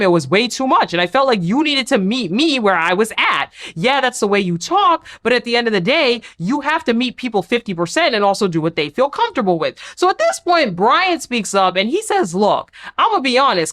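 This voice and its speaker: Lively black-woman ranting thru a dating show recap, pitch all over the place. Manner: blunt, animated, slangy commentary. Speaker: recap vlogger. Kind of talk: casual reality-show recap.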